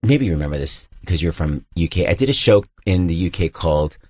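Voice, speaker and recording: A man's voice: low-pitched, animated, brisk, darkish tone, no room sound, clean studio sound. A middle-aged man hosting a radio interview, campy and teasing, who keeps slipping into mock voices. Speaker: radio show host. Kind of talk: playful theatrical interview.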